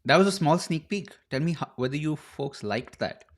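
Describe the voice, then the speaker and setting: A man hosting a casual podcast interview, asking questions in a relaxed way with frequent fillers. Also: on the high side, moderate pace. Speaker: host.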